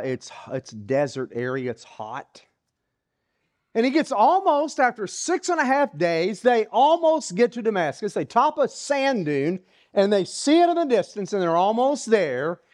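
A preacher giving a sermon, retelling a story dramatically and dropping to hushed whispers, often repeating words while building a scene. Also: mid-range voice.

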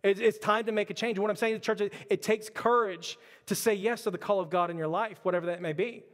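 A man's voice: high-pitched, steady tone, fast, fairly bright tone, in a large hall. A man preaching a sermon in a church, driving his point home with repeated rhetorical questions. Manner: impassioned, repetitive rhetorical questions. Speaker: pastor.

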